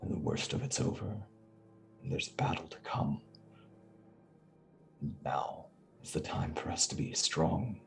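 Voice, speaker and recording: A man voicing a stern, withdrawn male knight who speaks in a hushed, muffled way from behind his helm. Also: a bass voice, animated, a little slow, gravelly, pauses often, whispered, soft background music, exaggerated voice. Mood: grim reassurance.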